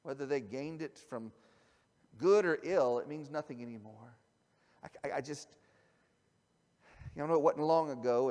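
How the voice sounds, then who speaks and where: A man, a pastor, preaching a conversational sermon that moves from quiet asides to loud emphasis. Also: mid-range voice. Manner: conversational, swings from soft asides to shouted emphasis. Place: church sanctuary. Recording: church hall with long reverb.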